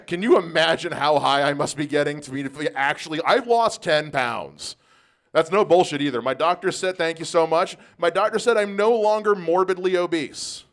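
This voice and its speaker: A man's voice: a little high, fairly bright tone. Self-deprecating male stand-up comic. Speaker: stand-up comedian. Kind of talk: stand-up comedy set.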